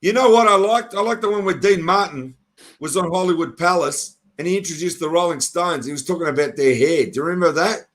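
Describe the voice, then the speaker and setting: High-voiced interviewer, a man. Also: brisk, a bit bright. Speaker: interviewer host. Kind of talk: casual interview.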